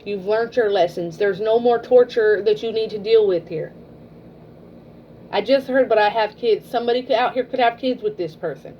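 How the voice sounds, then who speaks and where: A woman's voice: on the high side, moderate pace, highs cut off, slight background noise. A woman giving a casual tarot reading, blunt and swearing freely, often ending a point with "okay?". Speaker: tarot reader.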